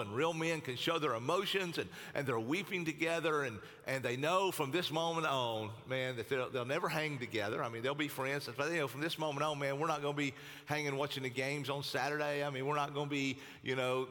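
A male pastor telling a Bible story in a lively, casual sermon full of slang. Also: a little high. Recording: long hall reverb.

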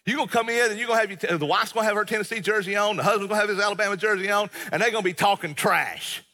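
Bright emphatic preacher man. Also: high voice, racing. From American South. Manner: emphatic, repetitive, conversational preaching with many restarts. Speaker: pastor. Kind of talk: sermon. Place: church sanctuary. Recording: long reverb of a large hall.

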